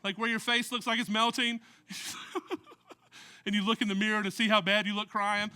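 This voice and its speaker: Bright, high-voiced male preacher. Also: level tone, moderate pace, clear, resonant tone. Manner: conversational preaching with jokes and frequent "right?" asides. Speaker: pastor. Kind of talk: sermon.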